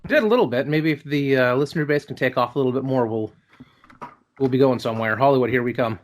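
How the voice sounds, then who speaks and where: A man's voice: mid-range voice, quick pace. A young man hosting a casual podcast, chatty and jokey, often stopping to correct himself. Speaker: podcast host. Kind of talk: casual chat.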